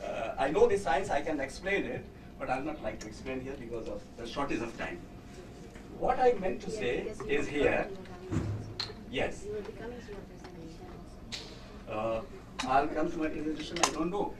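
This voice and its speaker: A man's voice: on the high side, sing-song, measured pace, long pauses, noisy background. A man in the audience, insistently explaining his point. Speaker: audience member. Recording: distant, echoey hall with crowd.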